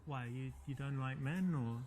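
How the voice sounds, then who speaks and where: A man's voice: medium pitch, moderate pace, a little mellow, faint music behind, natural voice. An actor playing a brash English man with a British accent, boasting about his accent while chatting up a woman in a video game. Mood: confident. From England. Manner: cocky, boastful, awkward.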